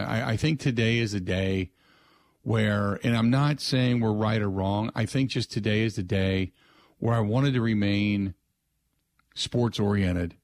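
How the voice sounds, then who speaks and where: Low-voiced older man hosting sports radio. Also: darkish tone, dry recording. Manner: conversational, rambling, repeats call-in number. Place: radio studio. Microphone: close studio mic.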